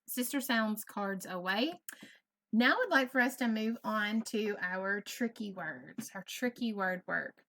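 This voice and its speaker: Slow, patient woman teaching phonics. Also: mid-range voice, bright, forceful tone. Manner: patient, encouraging, over-enunciates sounds. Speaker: first grade teacher. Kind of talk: slow, clear online phonics lesson. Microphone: computer mic on a video lesson.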